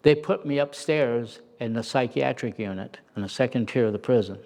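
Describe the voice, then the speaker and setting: A middle-aged man telling stories as an interview guest, animated and acting out the voices he quotes. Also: mid-range voice, moderate pace, gravelly. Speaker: interview guest, former prison officer. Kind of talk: storytelling in a conversation.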